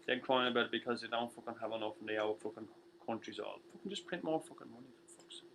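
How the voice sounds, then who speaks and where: A tired man hosting a livestream music show, rambling and ranting with constant swearing, swinging between loud outbursts and muttered asides. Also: medium pitch, fast talker, gravelly, rough recording.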